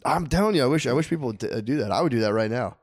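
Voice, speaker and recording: A man's voice: medium pitch, animated, dry recording. Laid-back joking man, dry close sound. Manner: laid-back, profane, joking, acts out quick voices. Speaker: podcast co-host. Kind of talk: casual chat.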